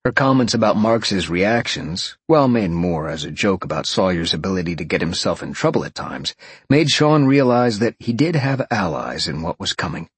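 A man narrating adult fiction in a slow, measured audiobook style, recorded close on a studio mic. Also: low-pitched, sing-song, husky, no echo.

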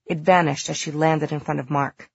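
A woman narrating an audiobook in a steady, measured storytelling manner. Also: low voice, vocal fry, slightly rough, no echo, highs cut off.

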